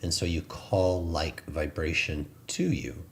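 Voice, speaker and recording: A man's voice: a bass voice, fairly even intonation, takes it slowly, vocal fry. A man co-hosting a spiritual talk show, chatting earnestly and laughing at himself. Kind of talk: casual spiritual chat.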